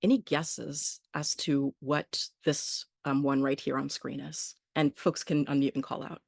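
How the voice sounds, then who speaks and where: A woman's voice: low-pitched, little pitch movement, unhurried, gravelly, darkish tone, dry recording, clean studio sound. A woman teaching an online botany class, friendly, with many ums and small laughs.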